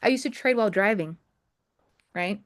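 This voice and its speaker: A woman's voice: mid-range voice, moderate pace. A young adult woman in a casual coaching call, mentoring traders, who talks in a chatty way and keeps asking "right?". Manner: chatty, repeats "right?" often. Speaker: trading mentor.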